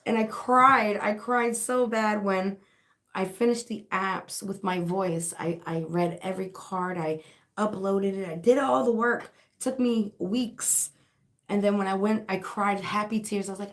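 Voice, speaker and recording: A woman's voice: medium pitch, fairly even intonation, measured pace, fairly bright tone. A woman with a sore, dry throat, hosting a casual livestream as a spiritual reader and shop owner, chatting in a rambling way with lots of fillers and laughs.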